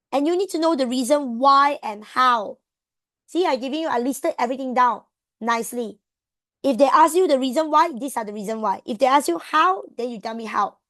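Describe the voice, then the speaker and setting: A woman tutor with a Malaysian English accent, giving an animated exam revision lesson and drilling students with questions. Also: sits high, no room sound.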